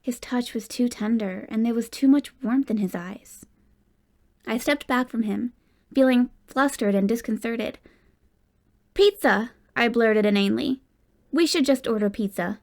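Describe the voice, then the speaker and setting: Female audiobook narrator, calm even read, fairly high voice. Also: moderate pace. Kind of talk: scripted first-person narration.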